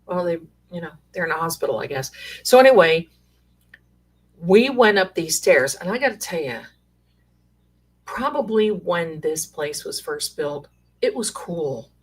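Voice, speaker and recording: Slow-talking woman telling stories. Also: lowish voice, slightly rough. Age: middle-aged. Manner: animated, rambling, exclamatory. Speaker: storyteller sharing paranormal stories. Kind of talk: casual storytelling.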